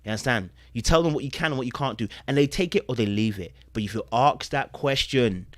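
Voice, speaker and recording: Male podcast host, lively reactions, medium voice, dry booth sound. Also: mid-range voice, fairly quick, no room sound. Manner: animated, acts out quotes, asks rhetorical questions. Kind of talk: casual commentary.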